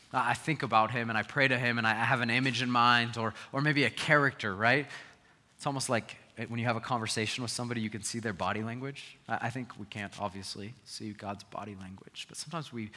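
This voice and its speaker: A man preaching a sermon as pastor, earnest, swinging between loud emphasis and quiet asides. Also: fairly low pitch. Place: church sanctuary. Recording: long hall reverb.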